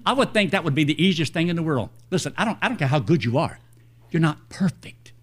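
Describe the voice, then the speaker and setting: An older man preaching a sermon, telling a personal story in a folksy, animated way. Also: a little high, fast talker, husky.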